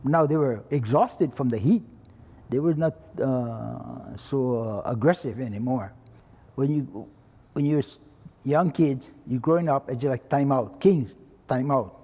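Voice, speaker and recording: A man's voice: medium pitch, measured pace, warm tone, in a large hall. A retired fire chief in his eighties with a Hawaiian Pidgin-tinged accent, telling an old story plainly and acting out the voices of people in it. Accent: Hawaiian Pidgin-tinged English. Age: 80s. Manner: plain-spoken, acts out quoted voices. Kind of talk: oral-history storytelling.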